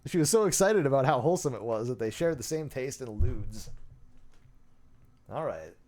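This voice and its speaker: A man's voice: mid-range voice, big pitch swings, normal speed, a little mellow. A man hosting, reading messages aloud with dry, sarcastic, mock-serious commentary. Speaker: host.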